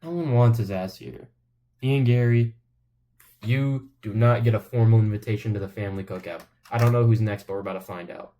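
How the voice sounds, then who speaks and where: A man's voice: on the low side, a little fast, dark tone, a little hiss or hum. Rambling, profane man joking around. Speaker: channel host. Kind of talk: casual comedic commentary.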